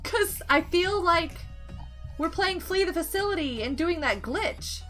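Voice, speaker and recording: A woman streaming a game, chatting casually and excitably, greeting and thanking her viewers. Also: extremely high pitch, a little slow, soft background music. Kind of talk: casual live-stream chat while gaming.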